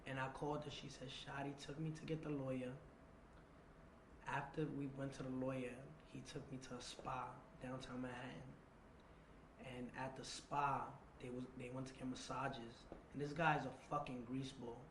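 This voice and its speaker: A man's voice: medium pitch, level tone, moderate pace, background noise. Intense storyteller man, echoey room. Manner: repeats dates and phrases, swears, drops to a near-whisper at painful parts. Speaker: interview guest. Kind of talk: emotional personal storytelling. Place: seated indoors across from the interviewer.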